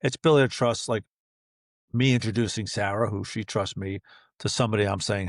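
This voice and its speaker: A middle-aged man talks fast in a gravelly voice, acting out little scenes as he goes. The room sounds dry and close. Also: fairly low pitch, dry recording. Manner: chatty, animated storyteller acting out dialogue. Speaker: podcast guest, entrepreneur. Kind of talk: casual interview talk.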